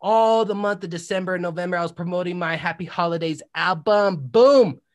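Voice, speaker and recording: A man hosting a podcast in a casual chat style. He talks in a hyped, loud way and often shouts and whoops. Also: high voice, fairly even intonation, fast talker. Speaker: podcast host.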